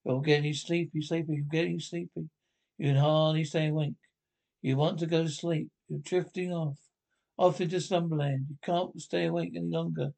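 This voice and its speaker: A man's voice: fairly high pitch, flat delivery, moderate pace, vocal fry, darkish tone. An actor playing a blustery, boastful caveman husband in a 1960s cartoon. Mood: coaxing.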